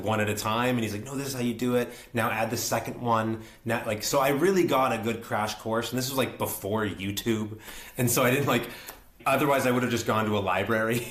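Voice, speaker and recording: A young adult man telling an animated story as an interview guest, acting out quotes and laughing often. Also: mid-range voice, echoey room. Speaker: actor and guest.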